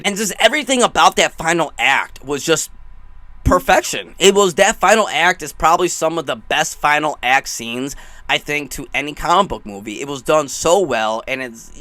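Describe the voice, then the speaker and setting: Bright, gushing young man reviewing films. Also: on the high side, no room sound. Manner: gushing, rambling, emotional. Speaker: movie reviewer. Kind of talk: excited casual movie review.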